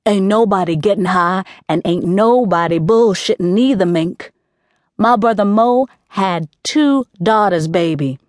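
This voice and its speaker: A woman's voice: medium pitch, unhurried, dry recording, studio quality, lightly acted. A woman voicing a tough, brash middle-aged aunt who barks bluntly and curses. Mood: scolding. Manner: barking, blunt, cursing.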